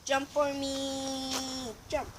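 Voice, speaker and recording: A young woman vlogging with a cracking voice, squealy and excitable as she talks to a cat. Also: high voice, extremely slow. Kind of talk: casual vlog chat. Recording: loud noisy background.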